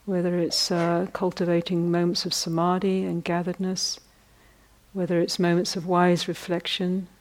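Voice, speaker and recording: In a lowish voice and a completely flat delivery, a middle-aged woman who teaches meditation gives a reflective dharma talk at a retreat. She talks conversationally, often pausing and restarting, and laughs at her own jokes.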